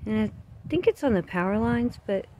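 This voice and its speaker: The woman keeps up her anxious, breathless commentary for a handheld paranormal vlog, recorded on a phone by a road at night amid outdoor noise. Her voice is mellow and medium-pitched, with lively intonation at normal speed.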